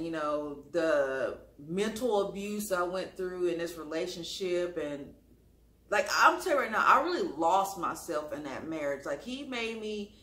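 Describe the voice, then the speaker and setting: Bright-voiced woman telling a story. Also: lowish voice, reverberant. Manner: rambling, repeats phrases, colloquial. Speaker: storytime vlogger. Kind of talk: casual storytelling.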